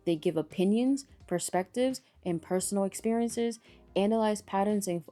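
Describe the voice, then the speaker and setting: A woman's voice: mid-range voice, normal speed, dark tone, soft background music. A woman hosting a commentary channel, ranting bluntly and swearing freely in a fed-up tone. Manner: blunt, profane, exasperated ranting. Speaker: commentary host.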